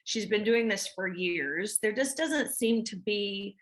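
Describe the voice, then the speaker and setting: A woman's voice: medium pitch, takes it slowly. A woman with a Southern American accent, an actress answering interview questions in a chatty way with many restarts and fillers. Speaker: actress guest.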